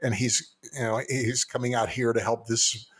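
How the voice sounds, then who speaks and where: A man's voice: medium pitch, little pitch movement, normal speed, fairly bright tone, slightly rough. Rambling, chuckling man in his fifties. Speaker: podcast co-host. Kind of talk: casual chat.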